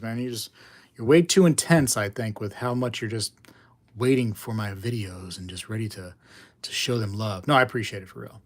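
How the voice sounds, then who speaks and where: A man hosting a coin livestream, rambling and joking with viewers in casual chat. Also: medium pitch. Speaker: coin channel host.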